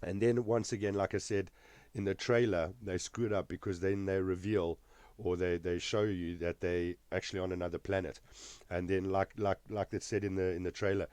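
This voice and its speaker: A man with a fairly low voice talks through a movie in a loose, casual reaction style. He rambles, fills gaps with ums and restarts his sentences. The sound is dry and close, with no room around it. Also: steady tone, normal speed, a little mellow, no room sound. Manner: rambling, with many fillers and restarts.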